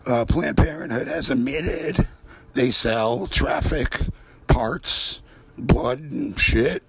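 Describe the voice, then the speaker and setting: A man's voice: mid-range voice, slow pace, vocal fry, slightly rough. A man hosting a show, rambling through a profane, conspiratorial comedic monologue. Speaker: host.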